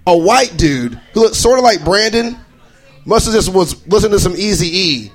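Animated high-voiced male stand-up comic. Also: moderate pace, rough recording. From Boise, Idaho. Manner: animated, jumps into exaggerated character voices. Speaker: stand-up comedian. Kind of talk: stand-up comedy set.

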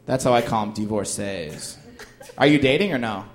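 A man's voice: fairly low pitch, normal speed. A male comedian doing loose, joking banter with plenty of fillers and laughter. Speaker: stand-up comedian, guest. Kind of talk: comic banter and stand-up bit.

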